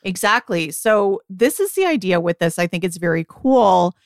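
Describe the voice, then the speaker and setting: A woman in her forties, co-hosting a podcast as a beauty editor, chatting casually and often quoting herself in quick asides. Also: fairly low pitch, lively intonation, dry recording, studio quality. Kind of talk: casual chat.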